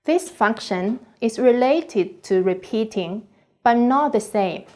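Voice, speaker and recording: A woman reading a scripted online course lecture slowly and carefully, with deliberate pauses. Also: on the high side, animated, darkish tone.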